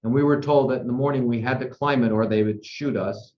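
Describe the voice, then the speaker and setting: A male doctor explains ideas patiently through examples and anecdotes, pausing often on ums. The sound is muffled and dull, with noticeable room echo around his mid-pitched voice. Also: fairly even intonation. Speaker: doctor guest. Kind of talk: explanatory interview talk.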